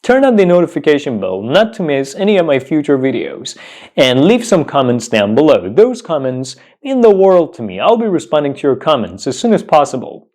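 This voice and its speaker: Guy teaching english words, pitch jumps all over, says each one slow n repeats it. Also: very animated, a little mellow. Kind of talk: online pronunciation lesson.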